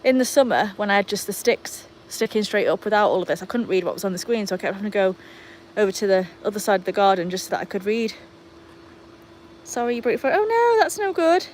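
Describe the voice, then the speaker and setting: This livestream host talks fast in a mid-range voice, barely pausing, while slight background noise runs underneath. Out in her garden, she chats casually with viewers and fusses over her dogs.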